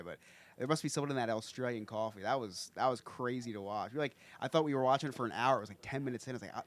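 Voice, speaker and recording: A man co-hosting a casual podcast chat, joking and laughing often as he rambles with frequent restarts. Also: medium pitch. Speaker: podcast co-host.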